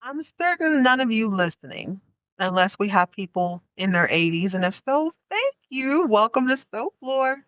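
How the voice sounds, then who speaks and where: A woman's voice: fairly high pitch, big pitch swings, normal speed, a bit bright, dry recording, highs cut off, soft background music. A woman hosting a casual film review podcast, retelling the story in a playful, slangy way with plenty of asides. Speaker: podcast host.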